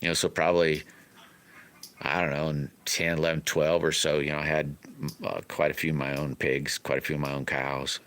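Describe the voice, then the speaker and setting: A middle-aged man rambles through folksy stories on his live stream, often chuckling. His voice sits very low in pitch. His tone is bright and sharp-edged. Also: little pitch movement, moderate pace. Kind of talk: casual storytelling chat.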